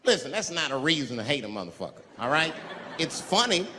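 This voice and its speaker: Lively male stand-up comic in big hall. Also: a little fast. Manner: animated storytelling, jumps into shrill put-on voices. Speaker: stand-up comedian. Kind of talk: stand-up comedy set. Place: large theater stage. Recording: hall reverb, crowd laughter noise.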